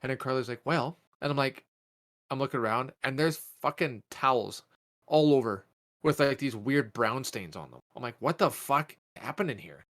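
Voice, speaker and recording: Dude on a podcast, swears constantly, tells stories all animated, middle voice. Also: male voice, medium pitch, normal speed. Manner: swears a lot, animated storyteller, acts out quotes. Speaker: podcast co-host. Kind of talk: casual storytelling chat.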